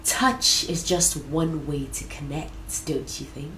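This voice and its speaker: Woman voicing a seductive female AI companion, low and sultry, soft and slow, echoey room. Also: fairly even intonation, a little hiss or hum, full character voice.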